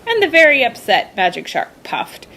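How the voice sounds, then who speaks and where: A woman reading a children's storybook aloud with slow, emphatic, expressive delivery. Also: fairly high pitch, a little hiss or hum.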